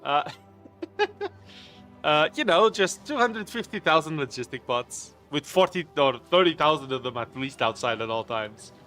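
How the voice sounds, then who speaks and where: A man hosts a live game stream, talking to his chat in a loose, jokey, rambling way and laughing often. His voice is bright and sits a little high. Soft music plays faintly behind him. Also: lively intonation, moderate pace. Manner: laughs often, greets chat viewers by name. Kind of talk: casual live stream chat while gaming.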